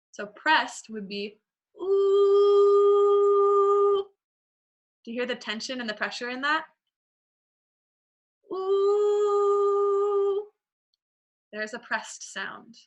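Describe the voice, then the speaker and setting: Woman voice teacher, bright tone, fairly high voice, relaxed chatty singing lesson. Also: dull audio. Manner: demonstrates sounds with sung vocal examples; relaxed and conversational, with fillers.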